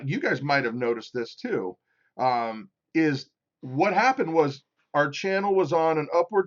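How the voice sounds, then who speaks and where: Chatty middle-aged man, higher voice, lo-fi audio. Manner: rambling, chatty, reads out viewer comments. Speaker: livestream host. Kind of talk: casual live-stream chat.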